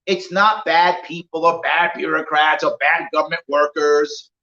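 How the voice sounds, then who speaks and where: A man speaking as a political candidate to a small crowd, an animated storyteller who acts out dialogue as he makes his points. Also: on the high side, measured pace. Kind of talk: campaign talk with acted-out anecdotes. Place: indoor venue, roomy. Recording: echoey room, dull lo-fi sound.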